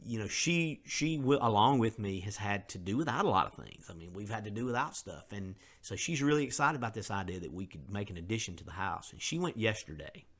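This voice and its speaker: A man's voice: lowish voice, lively intonation, a little fast, hardly any pauses, a bit bright. A middle-aged man, hosting a podcast in an earnest, conversational way and openly admitting his faults. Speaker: podcast host. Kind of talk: candid motivational podcast monologue.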